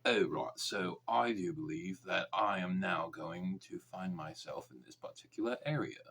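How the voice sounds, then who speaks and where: A man's voice: sits low, normal speed, gravelly, fairly bright tone, breathy edge, voice pushed down, exaggerated voice. A man mimicking a stiff, proper upper-class Englishman in a mock posh English accent. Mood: pompous.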